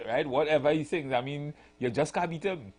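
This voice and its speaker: A man hosting a radio talk show, chatting in a relaxed, agreeable way. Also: a little high, measured pace, slightly rough. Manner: relaxed, agreeable, chuckles often. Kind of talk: casual radio chat.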